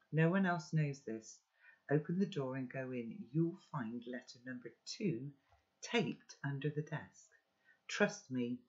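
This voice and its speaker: A man's voice: medium pitch, natural voice. A man reading a loving father's letter to his son aloud, earnest and instructive. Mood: urgent. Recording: dull, lo-fi recording.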